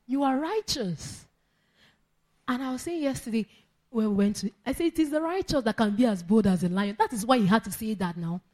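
A woman's voice: a little high, expressive, a little fast, a little mellow. A woman preacher, giving an emphatic sermon and repeating her key phrases. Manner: emphatic, repeats phrases, laughs between points.

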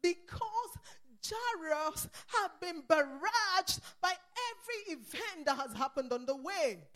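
A woman preaches in a very high, piercing voice. She moves from quiet, intimate passages to fervent shouts. Between phrases she breaks into tongues. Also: animated, takes it slowly. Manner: impassioned, swings from hushed to shouting. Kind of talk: sermon.

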